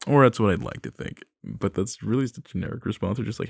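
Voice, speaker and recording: A man's voice: on the low side, quick pace, gravelly, slightly rough, dry recording. A young man in an ASMR boyfriend role-play, rambling nervously, laughing and swearing as he talks into a close mic.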